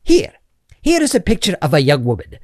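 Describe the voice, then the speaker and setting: A man's voice: fairly high pitch, wildly swooping pitch, a little fast, a little mellow, no echo, clean studio sound. A man voicing a pompous, stiffly formal memory coach in a comedy sketch, speaking precisely without contractions. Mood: prim.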